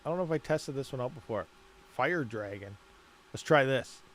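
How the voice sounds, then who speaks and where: A man's voice: mid-range voice, lively intonation, moderate pace, a bit bright. A man hosting a livestream, rambling casually, laughing a lot and muttering while he fiddles with settings. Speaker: mining livestream host.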